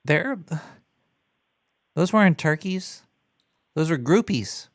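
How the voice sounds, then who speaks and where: Man, call-in show host, gravelly, dry close mic, jokey and scattered. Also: on the high side, expressive, takes it slowly, no room sound. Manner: giggly, scattered, jokey flirting. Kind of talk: casual call-in radio banter.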